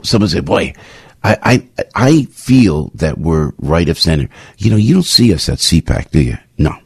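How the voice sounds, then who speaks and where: A man's voice: gravelly, darkish tone, breathy edge, no room sound, clean studio sound. An older man hosting a morning talk radio show, speaking frankly in a rambling, restarting way that keeps rising as he gets worked up. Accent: New York. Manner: gets worked up and rises in pitch.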